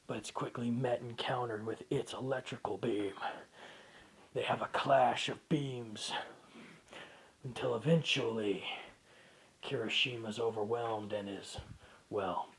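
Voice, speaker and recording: A man narrating a fan story in a slow, half-whispered storytelling manner. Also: medium pitch, steady tone, fairly bright tone, slightly rough. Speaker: fan fiction reader.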